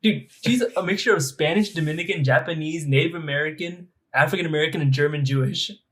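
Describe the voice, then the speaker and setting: A man's voice: on the high side, fast talker, crowd noise. A man in his twenties chatting casually on a podcast, giggly and eager to share stories. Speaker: podcast host. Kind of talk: casual chat.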